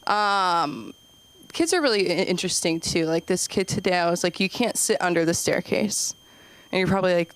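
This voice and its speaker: A young woman doing open mic stand-up, rambling and self-deprecating, acting out quoted voices with sudden jumps up in pitch. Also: normal speed. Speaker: stand-up comedian.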